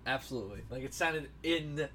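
A woman's voice: rumbling low, animated, fairly quick, a bit bright, a little hiss or hum. A young woman co-hosting a podcast in a laid-back way with wry asides. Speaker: podcast co-host. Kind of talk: casual chat.

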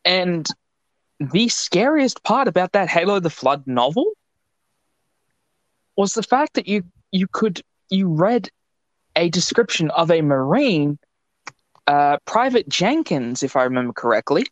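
This high-pitched Australian podcast co-host speaks a little slowly, leaving long pauses as he rambles through animated stories in casual conversation. There's no echo, though the recording has a dull, lo-fi podcast quality.

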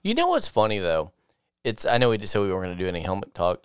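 Animated, jokey man on a podcast. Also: on the low side, rapid-fire, smooth, no room sound, clean studio sound. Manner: jokey, animated, playing bits. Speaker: podcast co-host. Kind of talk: casual movie review chat.

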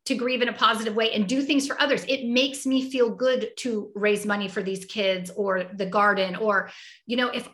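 A woman's voice: medium pitch, fairly even intonation, moderate pace, fairly bright tone, roomy sound. A woman guest talking heartfelt and reflective in a conversational interview, often restarting her sentences. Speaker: podcast guest.

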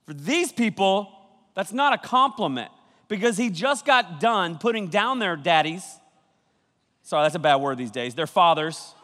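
A man preaching to young people, playful and jokey, stopping to laugh and act out how his listeners might react. His voice sits a little high for a man. It rings with the long reverb of a large church hall, filmed by a camera crew. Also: expressive, moderate pace, bright, forceful tone. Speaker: youth pastor. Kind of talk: joking youth sermon.

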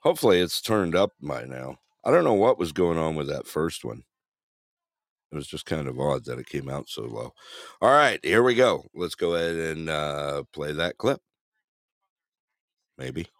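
With a very deep voice and a moderate pace, this radio co-host trades casual banter on a chat show, laughing a lot as he animatedly tells stories. The sound is clean and dry, straight from the studio.

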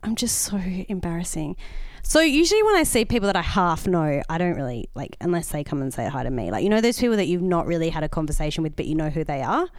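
A woman's voice: sits low, big pitch swings, fast, hardly any pauses, no echo, clean studio sound. A young woman co-hosting a podcast, telling rambling stories in casual chat with frequent giggles. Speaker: podcast co-host. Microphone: podcast mic, often turned away.

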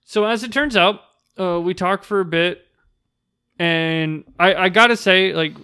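A man's voice: sits high, a little slow, clear, resonant tone. A man telling a funny story in casual chat, acting out the people he quotes in a raised voice. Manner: animated, acts out quotes in raised voice.

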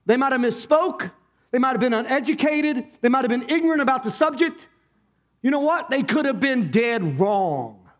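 Male pastor, fairly high voice, animated conversational sermon, keeps questioning the congregation. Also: moderate pace. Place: church, speaking to a congregation.

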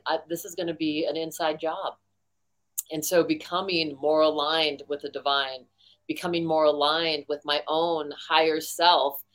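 A woman in her forties speaks as an interview guest with a somewhat low, grounded voice. She tells her story earnestly and jumps up in pitch when she acts out what others said. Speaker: guest, mental health professional.

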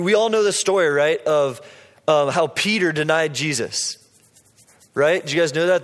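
A young man giving a sermon as a preacher, conversational and animated, with frequent fillers. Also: on the high side. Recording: long hall reverb.

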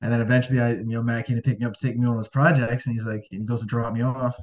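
A man's voice: mid-range voice, little pitch movement, racing, darkish tone. A man, a podcast guest telling his life story in a rambling casual way, full of fillers and acted-out dialogue. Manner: rambling, heavy on fillers, acts out quoted dialogue. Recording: dull lo-fi audio.

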